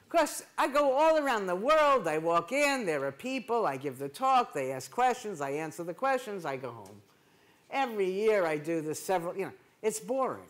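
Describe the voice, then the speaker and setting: A woman speaking as a keynote speaker in a conversational, animated way. She keeps checking in with the room through quick rhetorical asides. The talk is delivered at a conference. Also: medium pitch. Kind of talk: conversational lecture. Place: conference hall.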